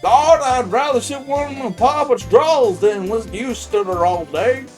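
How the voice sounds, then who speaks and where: A man's voice: extremely high pitch, normal speed, faint music behind. A man putting on a brash Southern gal with a drawl. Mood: impatient. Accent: exaggerated Southern drawl, later Irish lilt. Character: loud suspicious young Southern woman photographer.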